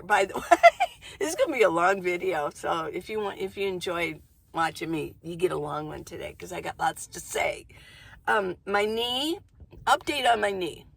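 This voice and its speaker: A woman vlogger talking casually to camera from inside her van, chatty and goofy, rambling fast and laughing often. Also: mid-range voice, expressive, vocal fry, no room sound. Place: inside a minivan.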